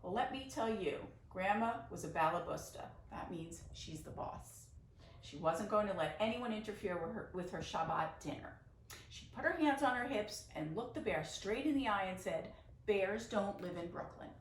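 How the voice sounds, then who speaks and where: Reading a picture book to kids, this woman teacher breaks off for chatty comments and explains Yiddish terms in a mid-range, animated voice at a moderate pace. The sound is roomy and distant, with faint noise.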